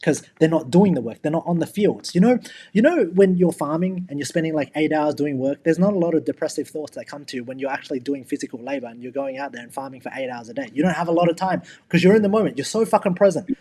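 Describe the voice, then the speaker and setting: A man's voice: on the high side, fast, mellow, husky. A young man co-hosting a podcast, talking bluntly and emphatically in casual chat, swearing freely. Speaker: podcast co-host.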